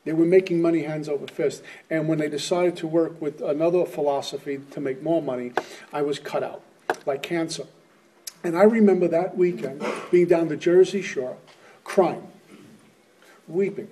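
A man's voice: a little high, moderate pace, recorded from a distance, noisy background. A middle-aged man giving an earnest, plainspoken personal testimony as a speaker at a recovery meeting.

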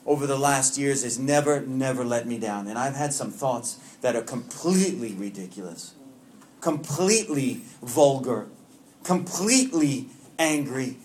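A man's voice: medium pitch, slight background noise. A man from Long Island, leading a recovery meeting and sharing with the group in an earnest, heartfelt way with self-mocking humor. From Long Island, New York. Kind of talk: personal share to a support group.

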